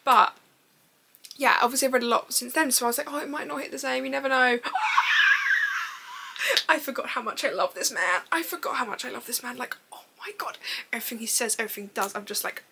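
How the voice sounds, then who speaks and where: A young book vlogger chats straight into her camera in a casual reading vlog, gushing, giggling, rambling excitedly and swearing now and then. Her slightly high voice is bright and sharp with a breathy edge.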